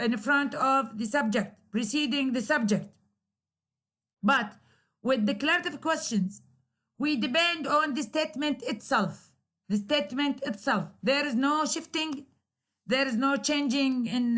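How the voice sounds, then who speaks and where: A woman lecturer whose first language is Arabic, explaining English grammar slowly, with many hesitations and repeated key phrases. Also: sits high, a bit bright. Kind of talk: recorded lecture.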